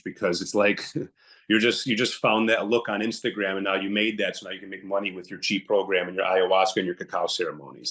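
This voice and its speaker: A young adult man, a podcast guest, telling an emotional personal story in a blunt, emphatic way and often quoting himself. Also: low-pitched.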